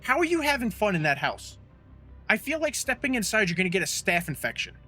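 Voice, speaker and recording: A man's voice: sits high, very animated, fairly quick, sharp tone, faint music behind. A man co-hosting a podcast in casual chat, rambling and profane, ranting with disbelief. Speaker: podcast co-host.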